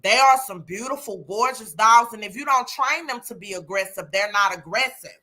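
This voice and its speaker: A woman's voice: mid-range voice, normal speed, sharp tone. A woman hosting a casual live chat, exclaiming and talking to listeners by name. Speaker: host of a live chat room.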